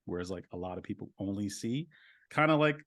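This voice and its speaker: Low-voiced man rambling casually, dry sound. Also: expressive, fairly quick, a bit bright, no room sound. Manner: rambling, heavy use of "like" and "you know". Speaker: voice actor guest. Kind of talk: casual podcast conversation.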